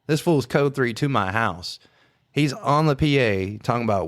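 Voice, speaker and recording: A man's voice: medium pitch, lively intonation, normal speed, no echo, studio quality. A man, co-hosting a podcast and telling rambling, profane stories of police work with plenty of laughs. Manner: rambling, profane, laughing, mimics others' voices. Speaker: podcast co-host, small-town police officer. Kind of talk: casual storytelling chat.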